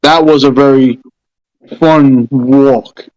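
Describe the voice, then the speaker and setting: A man on a podcast panel recounting an event in casual chat, halting and searching for words. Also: medium pitch, steady tone, darkish tone, dull audio.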